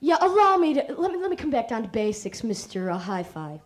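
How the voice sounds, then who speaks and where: A woman's voice: a little high, big pitch swings, brisk. A woman giving a confrontational spoken-word performance, swinging between sultry murmurs and defiant outbursts.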